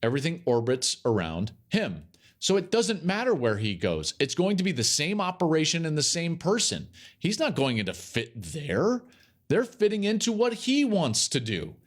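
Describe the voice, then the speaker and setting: Male podcast host, animated, emphatic solo sports commentary, lively pitch. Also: normal speed. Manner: emphatic, repeats key phrases for effect. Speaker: podcast host and college football analyst.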